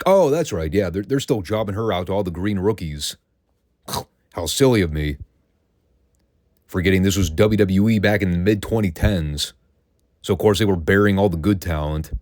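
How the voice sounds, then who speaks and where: A man's voice: deep voice, normal speed, long pauses, darkish tone, no echo, clean studio sound. A man hosting a review podcast, ranting in a sarcastic, profane way. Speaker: podcast host reviewing wrestling.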